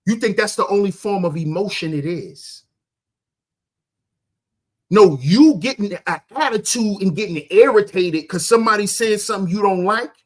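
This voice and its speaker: A man hosting a livestream, ranting loudly and crudely at his chat, firing off rhetorical questions and answering them himself. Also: high-pitched. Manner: loud, confrontational, profane, often shouting. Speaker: livestream host. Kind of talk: ranting commentary to live chat.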